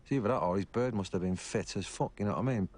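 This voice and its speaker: A man's voice: on the low side, quick pace. A man telling brash, slangy, sweary band stories in a documentary interview. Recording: voice under loud music.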